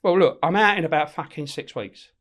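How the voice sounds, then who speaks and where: A man's voice: a little high, brisk, a bit bright, pitched above the performer's own voice, lightly acted. A man voicing a cocky, coarse male prison inmate who swears while he pleads. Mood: pleading.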